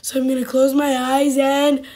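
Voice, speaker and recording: A woman with a hoarse voice hosting casual gameplay commentary, halting and full of fillers, now and then dropping to a whisper. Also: high voice, completely flat delivery, warm tone. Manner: halting, with many fillers and sudden drops to a whisper. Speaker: gaming channel host.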